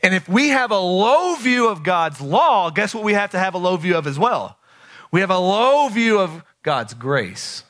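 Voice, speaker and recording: Animated preaching man, lively pitch. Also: normal speed. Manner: animated, conversational preaching with big swings from loud to hushed. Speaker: pastor. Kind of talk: sermon.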